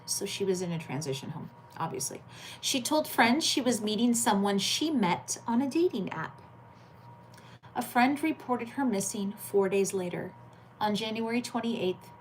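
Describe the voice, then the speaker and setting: Woman streamer, bouncy pitch, greets chat and reads crime headlines from home. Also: slight background noise. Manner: chatty, greets viewers by name, reads headlines aloud. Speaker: livestream host. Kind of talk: late-night crime news livestream chat.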